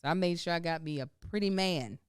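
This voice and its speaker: A woman's voice: fairly low pitch, fast, smooth, no room sound, clean studio sound. A woman in her thirties co-hosting a podcast, talking candidly and reflectively about parenting with frequent laughs. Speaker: podcast co-host. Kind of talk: casual chat.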